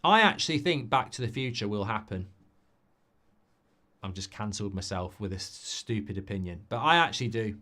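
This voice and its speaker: Sweary, cynical English football host. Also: male voice, on the low side, a little fast. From England. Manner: sweary, cynical, rambling and animated. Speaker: watchalong host. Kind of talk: live football watchalong chat.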